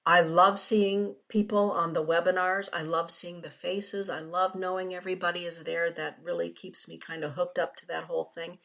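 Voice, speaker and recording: A woman's voice: lowish voice, little pitch movement, moderate pace, vocal fry, few pauses, a bit bright. A middle-aged woman, a spiritual teacher, chatting casually with viewers and reading oracle card passages. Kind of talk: casual webinar chat.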